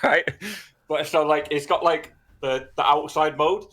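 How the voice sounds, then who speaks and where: Bright-voiced man telling a story. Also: on the high side, steady tone, measured pace. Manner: swearing, laughing, slangy storyteller. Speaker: podcast co-host. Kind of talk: casual storytelling chat.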